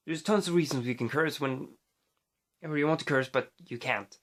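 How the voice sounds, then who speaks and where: A Swedish man vlogs casually on his phone, rambling with many fillers and restarts. His mid-range voice is a bit bright, and he talks fairly quickly.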